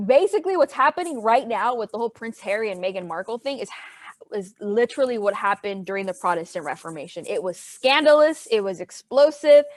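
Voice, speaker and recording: A woman's voice: mid-range voice, animated, a little fast, no echo, studio quality. A woman history teacher giving an online class lecture over a video call, chatty and playful with her students.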